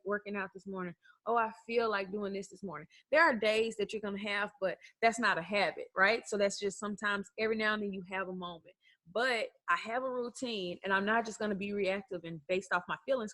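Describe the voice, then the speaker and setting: A woman's voice: medium pitch, fairly bright tone. A woman life coach talking to the camera in a conversational way, asking rhetorical questions and acting out bits of self-talk.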